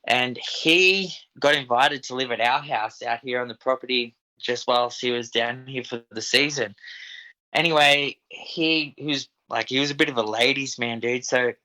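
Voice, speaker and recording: A man's voice: medium pitch, normal speed, bright, forceful tone, rough recording. A young Australian man telling stories as a podcast guest, laid-back and swearing freely, often saying "dude" and "man". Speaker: podcast guest, equipment operator. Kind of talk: casual storytelling.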